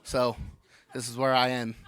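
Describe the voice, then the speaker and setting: A man's voice: mid-range voice, level tone, moderate pace, fairly bright tone, clean tone, no echo. A man in his thirties doing a brash, playful stand-up comedy set on stage, teasing the crowd.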